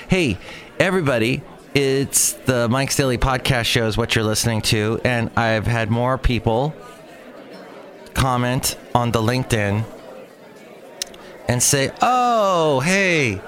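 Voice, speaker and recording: A man's voice: medium pitch, lively intonation, slow pace, fairly bright tone, soft background music, a faint crowd. A man hosting his own daily podcast, telling a rambling story in a chatty, exasperated way. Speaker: podcast host. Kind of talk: casual solo podcast monologue.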